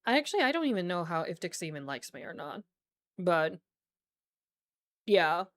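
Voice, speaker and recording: A woman's voice: lowish voice, very animated, moderate pace. A young American woman chatting casually on a livestream as a VTuber, rambling with lots of fillers and frequent laughter. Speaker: VTuber streamer.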